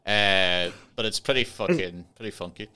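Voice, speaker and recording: A man's voice: on the low side, moderate pace, bright, forceful tone, clear, resonant tone. A young man with a Donegal Irish accent, half Northern Irish, chatting casually as podcast host, rambling and swearing with frequent laughs. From Ireland, Donegal border area. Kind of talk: casual chat.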